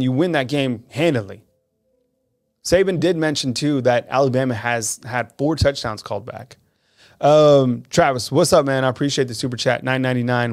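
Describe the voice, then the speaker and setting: Reading out fan comments on air, a male host runs a live sports call-in program. His mid-range voice sounds lively and chatty.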